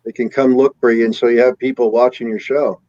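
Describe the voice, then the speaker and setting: A man's voice: medium pitch, flat delivery, fast talker, darkish tone, highs cut off. A man hosting a casual chat stream, joking and prompting his guests with questions over a video call.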